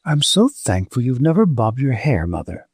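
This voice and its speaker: A man's voice: medium pitch, sing-song, normal speed, a little mellow, slightly rough, no echo, studio quality. Nona, a man doing an earnest young daughter. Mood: tender.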